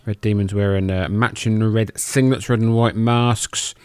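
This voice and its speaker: A man's voice: fairly low pitch, fairly even intonation, moderate pace, smooth, no echo. Dry, close-miked man calling matches casually. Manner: loose, joking and profane. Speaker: podcast host. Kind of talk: casual play-by-play commentary over old footage.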